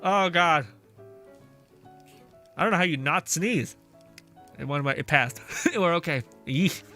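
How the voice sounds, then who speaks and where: A man's voice: fairly high pitch, expressive, moderate pace, sharp tone. A male streamer chatting casually while he plays, reading chat aloud, swearing often and laughing easily. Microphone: face mask on while talking. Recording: faint music behind the voice.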